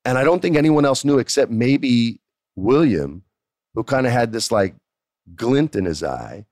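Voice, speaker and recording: A middle-aged man from the United States telling a story in a casual, animated way, with lots of fillers and restarts. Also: mid-range voice, measured pace, dry recording, clean studio sound.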